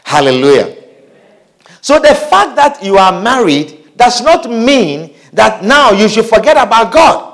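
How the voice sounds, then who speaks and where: A man preaching a sermon in an animated way, calling out hallelujah and amen and asking the congregation questions. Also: sits high, a little slow.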